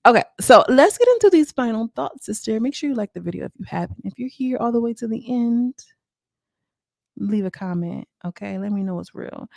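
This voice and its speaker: Woman reviewer, young, gossipy and slangy, gravelly edge, dry close sound. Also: on the high side, a little fast, no room sound. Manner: animated, slangy, acts out quoted lines. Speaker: reality show reviewer. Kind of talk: casual gossipy recap.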